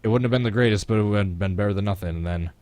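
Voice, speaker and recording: Very fast and a little mellow, his fairly low voice comes through on a dry recording. The live streamer chats casually at home about the racing sim he's playing, reacting to viewers and the action.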